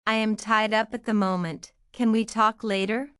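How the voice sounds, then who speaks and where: A woman's voice: mid-range voice, fairly even intonation, normal speed, fairly bright tone, clear, resonant tone, dry recording, clean studio sound. A woman reading English example phrases in a lesson, enunciating carefully and repeating each phrase. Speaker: English teacher.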